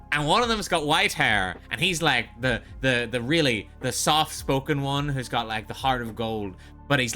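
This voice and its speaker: Bright-voiced, opinionated male streamer. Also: medium pitch. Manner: rambling, profane, opinionated. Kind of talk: casual live-stream chat.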